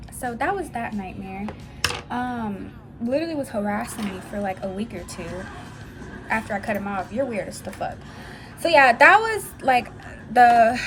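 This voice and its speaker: Young woman vlogger, slightly high voice, blunt and profane storytime rant, faint music underneath. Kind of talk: casual storytime vlog. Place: dim room at home.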